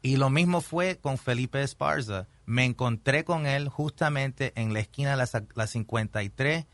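A male stand-up comedian with a Latino accent, telling stories in an animated, casual way and switching between English and Spanish. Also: mid-range voice, a little fast, no echo. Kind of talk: casual bilingual chat, storytelling.

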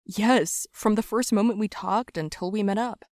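A woman doing a calm, teasing teenage boy. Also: moderate pace, dry recording, studio quality, natural voice. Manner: calm, low-key and teasing.

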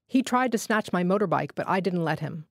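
A woman's voice: on the low side, animated, a little fast, no echo, clean studio sound. A woman reading a stern wounded electrician. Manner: hard and unforgiving. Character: wounded male village electrician, stern and proud.

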